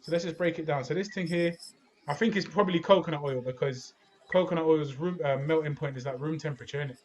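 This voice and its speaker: Talking quickly in a slightly high, somewhat mellow voice, this young podcast co-host jokes around in London street slang over a video call. The lo-fi online audio carries a little hiss or hum.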